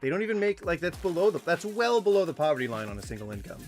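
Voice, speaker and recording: A man's voice: fairly high pitch, very fast, faint music behind. A man streaming casual commentary while reacting to videos, rambling and cutting himself off mid-thought. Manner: rambling, self-interrupting, animated.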